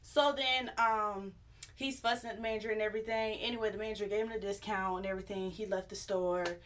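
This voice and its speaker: A young woman telling a personal story to her viewers in a chatty, animated, sassy way. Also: mid-range voice, fast talker. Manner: chatty, animated, sassy retelling with acted quotes. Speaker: YouTube storyteller. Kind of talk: casual storytime vlog.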